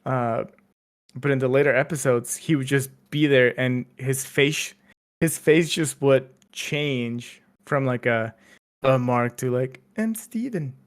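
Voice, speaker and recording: A man's voice: mid-range voice, steady tone, slow pace, clear, resonant tone. A man co-hosting a podcast, chatting casually with lots of fillers and restarts. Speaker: podcast co-host. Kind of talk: casual chat.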